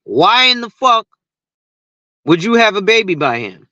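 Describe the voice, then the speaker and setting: A man's voice: sits high, very animated, measured pace, bright, forceful tone, no echo, highs cut off. A man who talks insurance on social media, ranting in a casual, profane and rambling way and laughing at his own stories. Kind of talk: casual rant to camera.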